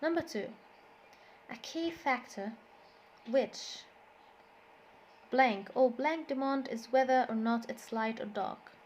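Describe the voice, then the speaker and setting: An Egyptian-accented woman walks a class through vocabulary, her voice sitting a little high. She repeats words over and over to show where the stress falls. A faint hiss runs under the recording. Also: slow pace, long pauses. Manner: switches between English and Egyptian Arabic, repeats words to drill stress. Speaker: English teacher. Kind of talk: classroom lesson explanation.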